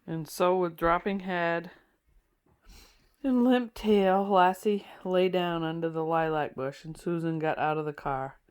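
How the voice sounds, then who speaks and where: Low-voiced woman reading a storybook aloud. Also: measured pace, clear, resonant tone. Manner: warm, chatty asides between passages. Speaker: storyteller reading a children's book.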